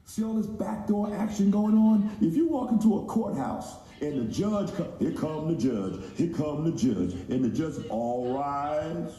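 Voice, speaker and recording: Animated male lecturer with a comic delivery; dark tone, very roomy echo. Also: a little high, moderate pace, few pauses. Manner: animated storytelling, acts out voices. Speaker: speaker teaching about money. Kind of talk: comedic lecture. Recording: echoey room.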